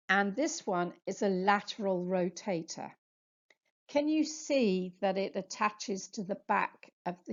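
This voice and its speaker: A woman therapist giving a slow, patient anatomy lecture on slides, spelling out muscle names for practice. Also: lowish voice, darkish tone. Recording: dull lo-fi sound.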